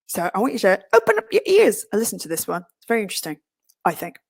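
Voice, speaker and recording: A woman's voice: wildly swooping pitch, fast, vocal fry, slightly rough, no echo. Theatrical middle-aged woman, dry close sound. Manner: theatrical, self-mocking, big swings in pitch. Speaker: webinar speaker. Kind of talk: lively presentation.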